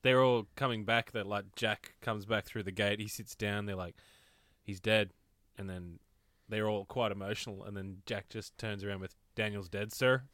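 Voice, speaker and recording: Bright-voiced guy joking on a podcast. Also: fairly low pitch, fairly even intonation, moderate pace, no room sound, clean studio sound. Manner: jokey, laughs often. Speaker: podcast co-host. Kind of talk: casual chat.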